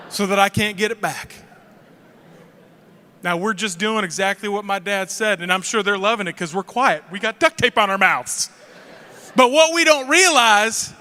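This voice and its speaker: High, bright man telling stories on stage. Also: big-room sound. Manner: animated, jokey, acts out scenes. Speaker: speaker at a school event. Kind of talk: comic storytelling on stage.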